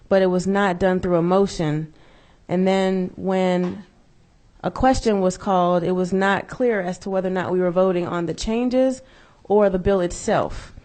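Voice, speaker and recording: A woman state legislator raising a procedural question at a committee hearing, speaking in a measured, methodical way. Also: medium pitch, a little mellow. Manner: measured, methodical, politely confused.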